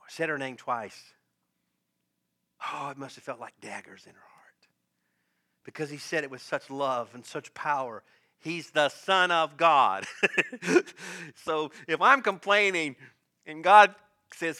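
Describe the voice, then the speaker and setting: A man preaching a sermon with a bright, ringing voice pitched a little above most men. He talks expressively, acting out the voices he quotes and laughing now and then as he goes. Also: measured pace, long pauses. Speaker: pastor.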